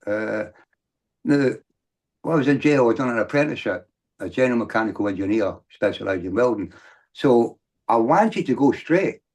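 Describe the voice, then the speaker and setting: Gravelly, rambling middle-aged man. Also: mid-range voice, expressive, normal speed, a little mellow. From Britain. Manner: rambling, restarts often, builds up to emphatic bursts. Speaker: podcast guest. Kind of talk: candid storytelling.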